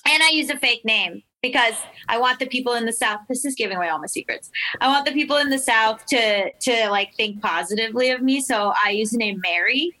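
A young woman with a bright, slightly high voice co-hosts a podcast. She tells stories with energy and acts them out in little voices. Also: brisk, low-quality recording. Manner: animated, lively storytelling with put-on voices. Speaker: podcast co-host. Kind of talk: casual chat.

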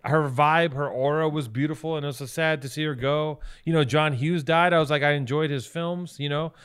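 A man's voice: a little high, steady tone, brisk, fairly bright tone, smooth, no echo, clean studio sound. Profane, joking podcast man. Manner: profane, joking, puts on silly voices. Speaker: podcast co-host. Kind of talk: casual chat. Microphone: studio microphone.

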